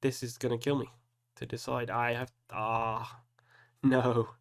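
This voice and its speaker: Unhurried and level in tone, with a medium-pitched voice, a man hosts a casual solo metal reaction video. As he picks albums across music matchups, he groans over difficult choices and adds self-mocking asides.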